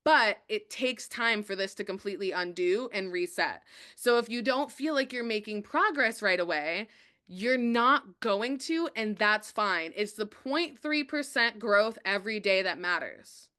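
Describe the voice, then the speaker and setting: An upbeat woman hosting a motivational webinar from home over a video call, encouraging her viewers and reading out their chat replies. Her voice is bright and forward, smooth and crisply clear. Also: medium pitch. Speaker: webinar host.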